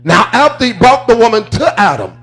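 High-voiced male preacher, sing-song cadence. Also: very animated, a little fast, fairly bright tone. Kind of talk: sermon.

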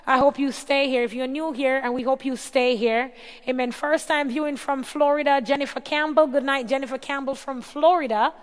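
A woman hosts a casual livestream in a high voice, calling out viewers' names and greeting each in turn. Her voice sounds a little worn. A long reverb trails behind her words. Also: fairly even intonation, moderate pace. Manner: reads out viewer names and greets them warmly one by one. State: voice tiring. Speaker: livestream host.

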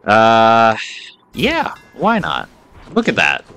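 A man commenting on his own video game run, voice swinging widely in pitch and bright in tone, lowish overall. He banters playfully at himself, with faint game music behind him. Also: huge pitch swings, drawn-out words. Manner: playful, self-mocking banter. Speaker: gaming video host. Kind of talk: let's play commentary.

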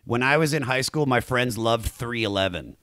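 A man hosting a podcast, swearing freely and telling stories with excited energy. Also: medium pitch, moderate pace, no room sound, studio quality. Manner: profane, excitable, breaks into silly voices and sung bits. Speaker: podcast host. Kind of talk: casual podcast chat.

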